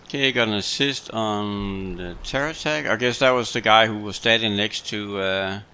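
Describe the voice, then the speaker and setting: A man giving relaxed, chatty commentary over his own gameplay, amused at what happens on screen. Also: lowish voice, moderate pace, clean tone. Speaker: gaming video host.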